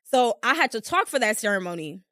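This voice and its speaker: Telling casual stories on her podcast in front of a small live audience, a young woman chats and rambles, saying "like" constantly. Her voice is on the high side and sing-song, a little fast and a bit bright, captured in a dry, clean studio recording.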